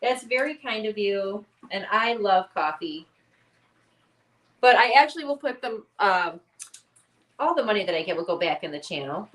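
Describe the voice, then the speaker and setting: This Chicago-area woman hosts a casual livestream in a nasal accent, her medium-pitched voice a bit bright with lively intonation. She moves at a moderate pace but takes long pauses, chatting, reading comments out loud, and using many ums.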